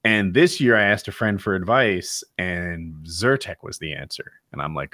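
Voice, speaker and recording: A man co-hosting a podcast, telling stories in a casual, animated way, swearing and laughing often. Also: deep voice, moderate pace, dry recording, clean studio sound. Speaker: podcast co-host. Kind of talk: casual chat.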